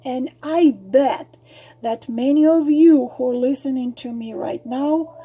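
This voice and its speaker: Tired, husky-voiced woman speaking earnestly. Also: sits high, mellow. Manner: earnest, halting with many fillers, sudden emphatic rises. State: tired, losing her voice. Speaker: psychic channel host. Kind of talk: solo talk to camera.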